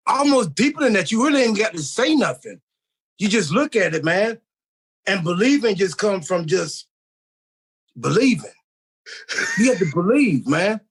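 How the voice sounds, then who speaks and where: A man's voice: high-pitched, very animated, moderate pace, pauses often, husky, rough recording. A man guest on a casual podcast chat, talking in a rambling, slangy, mock-philosophical way.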